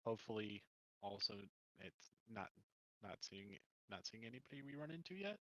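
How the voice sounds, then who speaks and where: Halting low-voiced male tabletop player. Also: muffled recording, slight background noise. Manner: animated, halting, speaks in character. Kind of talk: tabletop role-play chat.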